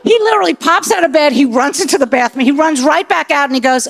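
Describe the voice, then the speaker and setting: A woman in her 60s does profane stand-up with crowd work on a comedy club stage in front of a live audience. Her voice sits high and she talks fast, with vocal fry and a slight hiss or hum. Her storytelling is brash and profane.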